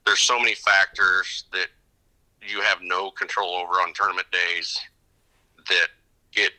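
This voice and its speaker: A middle-aged man talking casually as a fishing guide on an interview show. He rambles through his stories with lots of false starts and restarts. His voice sits on the low side but has a sharp, very bright edge to it. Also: level tone, a little slow, rough recording. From upper Midwest of the United States. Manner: rambling storyteller with many restarts. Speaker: fishing guide and podcast guest.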